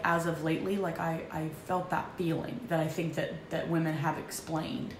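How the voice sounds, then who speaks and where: Emotional woman confiding in an echoey room. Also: on the low side. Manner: halting, emotional, frequent restarts. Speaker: vlogger. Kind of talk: candid personal confession. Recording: echoey room with faint background noise.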